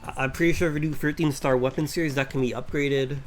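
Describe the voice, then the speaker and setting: A man, a VTuber, rambling without a script about a game update, sounding tired and filling pauses with ums and restarts. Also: medium pitch, steady tone, faint music behind. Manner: tired, yawning, many fillers and restarts. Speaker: vtuber commentator. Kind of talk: unscripted rambling commentary.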